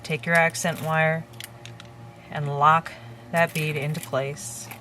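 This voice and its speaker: A woman hosting a crafting tutorial, calmly talking through each step while she works with her hands. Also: low-pitched, a little hiss or hum. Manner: calm, unhurried, talks while working with her hands.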